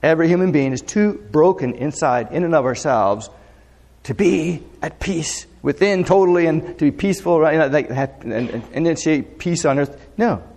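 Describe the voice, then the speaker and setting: A man's voice: fairly high pitch, lively intonation, normal speed, vocal fry, a little mellow. A man preaching a sermon in a church, talking conversationally with plenty of fillers and questions to the congregation. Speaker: pastor. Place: church sanctuary. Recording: long echo of a large hall.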